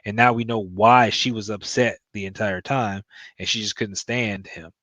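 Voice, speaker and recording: A man's voice: fairly low pitch, fairly even intonation, moderate pace, sharp tone, dry recording. A man giving a casual, rambling recap of a TV episode, with loose fillers as he retells the plot. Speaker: TV show reviewer.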